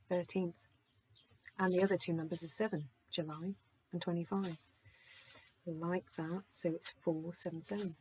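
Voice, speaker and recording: A woman's voice: lowish voice, a little mellow, a little hiss or hum. A woman doing a spiritual charm reading, gushing and thankful as she thinks aloud. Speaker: oracle reader.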